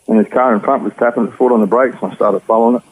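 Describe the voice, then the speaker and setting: A man with an Australian accent telling his personal story in rough, slangy speech as an interview guest. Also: mid-range voice, fairly even intonation, rapid-fire, poor audio. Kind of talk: personal testimony.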